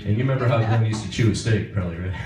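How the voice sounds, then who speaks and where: A guitarist telling a rambling, chuckling story on stage. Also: male voice, on the low side, rapid-fire, crowd noise. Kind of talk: onstage anecdote. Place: concert stage. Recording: echoey hall, far from mic, noisy.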